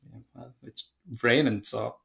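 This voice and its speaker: A man's voice: mid-range voice, steady tone, unhurried, gravelly, fairly bright tone. An Irish man in casual conversation, making dry teasing jokes and swearing casually. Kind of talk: casual chat.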